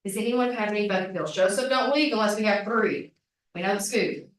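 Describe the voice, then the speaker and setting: A woman's voice: mid-range voice, fairly quick. A woman hosting an office team meeting, reading announcements in an upbeat, encouraging way. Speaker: meeting host. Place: large meeting room. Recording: very echoey room, distant mic.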